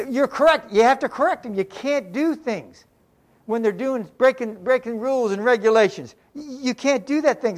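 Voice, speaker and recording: An older man preaching a sermon in a folksy, conversational way, mixing scripture with homespun stories. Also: extremely high pitch. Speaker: pastor.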